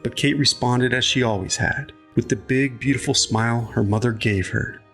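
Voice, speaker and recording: A man narrating an audiobook chapter in a measured, even storytelling manner. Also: medium pitch, gravelly, soft background music.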